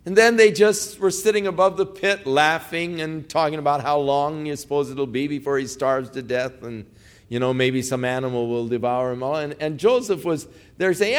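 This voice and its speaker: A man's voice: on the high side, normal speed, clean tone. A male preacher retelling a story in a sermon, conversational and emphatic.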